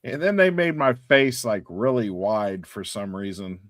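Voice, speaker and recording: A man's voice: fairly low pitch, big pitch swings, unhurried, fairly bright tone. A man from the co-hosting a comedy podcast in a laid-back, agreeable way. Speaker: podcast co-host. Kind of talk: casual comedy podcast banter.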